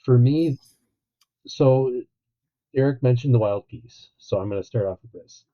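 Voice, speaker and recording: A man co-hosting a podcast, chatting casually about a film, animated and acting out quotes with a laugh. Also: mid-range voice, measured pace. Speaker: podcast co-host. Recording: tinny phone-like line.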